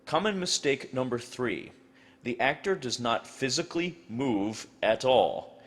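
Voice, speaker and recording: Man narrating acting tips, lively pitch. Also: a little slow. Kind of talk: instructional narration.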